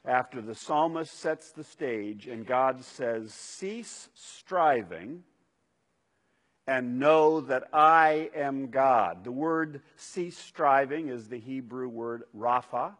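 A man's voice: mid-range voice, animated, slow, a bit bright. A man preaching a sermon as pastor, stressing and repeating key phrases. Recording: reverberant hall.

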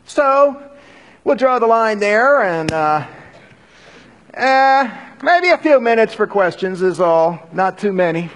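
A man's voice: sits high, slow pace, a little hiss or hum. An older man preaching a sermon to a live congregation in a conversational way, rising into urgent bursts. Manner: conversational, animated bursts when urging. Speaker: pastor. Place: church hall before a live audience.

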